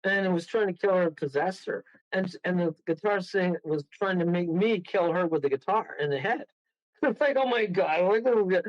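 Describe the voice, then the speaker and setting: A man telling a story as a guest on a radio show. He rambles excitedly, laughs often and keeps restarting his sentences. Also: sits high, normal speed, no room sound. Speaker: guest medium. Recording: dull, dry lo-fi sound.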